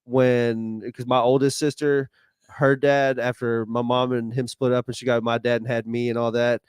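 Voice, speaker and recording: A man's voice: medium pitch, level tone, moderate pace, smooth, dry recording. A man co-hosting a live podcast, telling a personal family story in a rambling way with many restarts. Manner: rambling, restarts mid-sentence. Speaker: podcast co-host. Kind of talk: casual chat, personal story.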